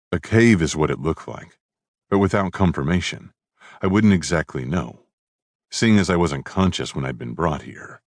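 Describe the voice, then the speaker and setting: A man's voice: low voice, dry recording. A man narrating a novel in the first person with a dry, sardonic manner. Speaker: audiobook narrator.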